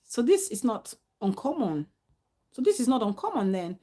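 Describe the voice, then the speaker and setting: A woman's voice: on the high side, sing-song, moderate pace, dark tone. Chatty woman hosting live. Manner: chatty, laughs often, apologetic asides. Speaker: livestream talk show host. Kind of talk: casual live chat reading viewer comments.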